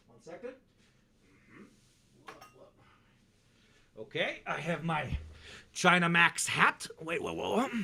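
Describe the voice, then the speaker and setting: Sarcastic, animated male streamer. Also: medium pitch, vocal fry. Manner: sarcastic, swearing, jokey asides. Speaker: streamer reacting to news clips. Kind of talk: casual livestream commentary.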